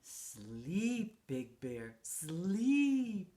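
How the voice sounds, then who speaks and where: Woman putting on gruff Old Man Winter. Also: big pitch swings, full character voice. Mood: hushed, stern. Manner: low drawn-out hush, later bellowing. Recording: roomy echo.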